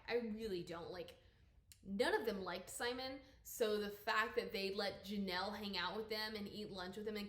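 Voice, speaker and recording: A young woman with a light Southern US accent talks through a book in a casual, opinionated way. Her pitch sits in an ordinary middle range but jumps up when she stresses a point. The room around her echoes noticeably. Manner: chatty and opinionated, with lively emphatic rises. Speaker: book reviewer. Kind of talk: casual spoken book review.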